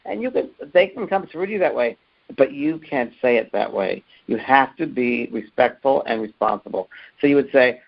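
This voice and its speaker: A man's voice: mid-range voice, animated, moderate pace, creaky, breathy edge. A man who teaches mediumship, telling stories from his work in an earnest, emphatic way and often repeating his words. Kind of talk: interview answer, storytelling. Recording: muffled lo-fi audio.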